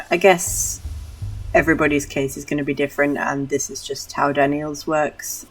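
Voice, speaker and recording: A woman's voice: sits low, recorded from a distance, low-quality recording. A woman streamer giving casual, rambling gameplay commentary, musing aloud and apologizing for herself. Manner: rambling, musing, self-deprecating. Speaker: game streamer.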